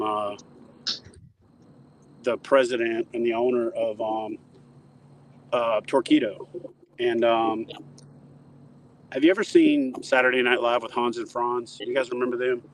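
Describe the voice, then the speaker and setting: A man's voice: mid-range voice, unhurried, long pauses, a little hiss or hum, rough recording. Give me a joking, rambling man with a mid-range voice, talking outdoors. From Toledo Bend area, southern US. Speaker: interview guest. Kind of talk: casual storytelling. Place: outdoors near a dock.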